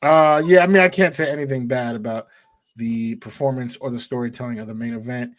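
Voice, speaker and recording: A man's voice: mid-range voice, fairly even intonation, a little fast. A male co-host in casual sports chat, laid-back and hedging with lots of fillers.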